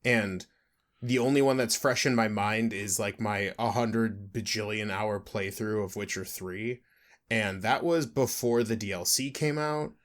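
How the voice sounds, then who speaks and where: A man co-hosting a casual podcast chat, joking and animated, with casual swearing. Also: fairly low pitch, measured pace. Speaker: podcast co-host.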